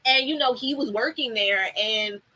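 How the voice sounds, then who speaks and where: A woman's voice: on the high side, moderate pace, sharp tone, rough recording. A young woman chatting casually about a TV show, blunt and full of fillers and swearing. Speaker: TV show commentator. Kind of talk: casual chat.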